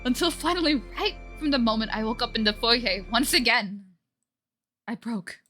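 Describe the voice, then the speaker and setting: A young man shattered by endless time loops, voiced by a woman, pleading in a raw, strained voice. It sits high and bright, well above her usual pitch. Faint music lies under it. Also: lively intonation, normal speed. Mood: despairing.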